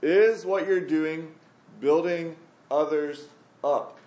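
Bible study teacher, man, slightly high voice, echoey room, talks with a group. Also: slow, darkish tone. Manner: conversational, emphatic, asks the group questions.

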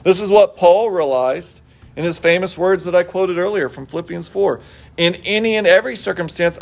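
A middle-aged male pastor giving a sermon in an earnest, conversational way, mixing scripture with everyday personal stories. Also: high voice.

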